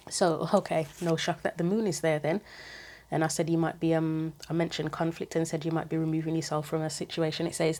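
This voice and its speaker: A woman's voice: low-pitched, steady tone, a little fast, darkish tone. A woman giving a casual tarot reading, thinking aloud in chatty asides and reading card guidance from a book. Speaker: tarot reader.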